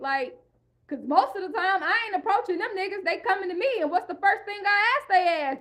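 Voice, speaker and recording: A woman's voice: very high voice, expressive, brisk, fairly bright tone. A young woman vlogger in a heated, profane rant, repeating herself and speaking in an African American English style. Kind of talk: ranting monologue.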